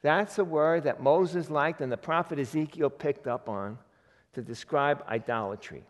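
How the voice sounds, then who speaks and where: Folksy male pastor, lively sermon delivery, a bit high-pitched, reverberant hall. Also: moderate pace. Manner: animated, folksy, acts out God's voice in quotes.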